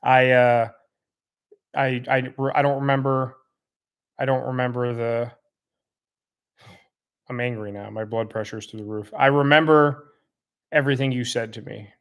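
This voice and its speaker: A man's voice: medium pitch, little pitch movement, moderate pace, pauses often. A man hosting a live stream, greeting chat viewers and then angrily calling out a commenter in a rambling, repetitive way. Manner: rambling, heated call-out with repeated insults. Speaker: host reading live chat.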